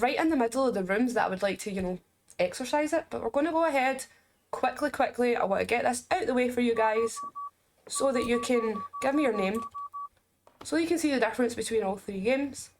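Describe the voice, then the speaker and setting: A woman's voice: fairly high pitch, a little hiss or hum. Chatty Scottish woman reviewing games. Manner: chatty, explaining as she plays, quick asides and jokes. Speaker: game reviewer. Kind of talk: casual gameplay commentary.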